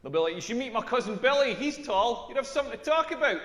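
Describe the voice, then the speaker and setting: A man's voice: extremely high pitch, lively intonation, fast talker, fairly bright tone. A man with a Scottish accent playing a tall, crude stand-up comedian doing a rambling, self-mocking routine. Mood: deadpan. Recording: echoey hall with long reverb.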